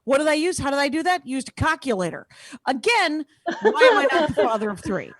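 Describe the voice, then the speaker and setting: A woman's voice: high-pitched, sing-song, a little fast, dry recording. A woman doing a stand-up set over a video call, telling stories in a chatty, digressive, self-mocking way. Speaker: stand-up comedian.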